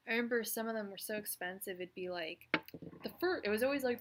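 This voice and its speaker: A woman's voice: medium pitch, quick pace, vocal fry, a little hiss or hum. A woman in her thirties, a tarot reader chatting casually on a live stream, rambling with lots of fillers.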